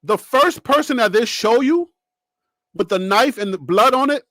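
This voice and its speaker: High-voiced man reacting live to a game. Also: normal speed, dry recording. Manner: animated, talks straight to chat, rambling; shouting and cheering with joy. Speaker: live stream sports reaction host.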